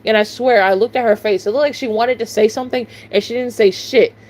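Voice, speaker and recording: A woman's voice: fairly high pitch, fairly even intonation, brisk, darkish tone. A young woman vlogger, telling a storytime in casual, profane, exasperated chat.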